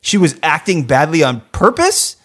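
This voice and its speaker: A man hosting a loose movie podcast, his voice sitting a bit high. He cusses freely and slips into bits of the film's dialogue as he recaps scenes. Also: wildly swooping pitch, moderate pace, fairly bright tone. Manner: swears freely, acts out quotes. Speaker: podcast co-host. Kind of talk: casual movie review chat.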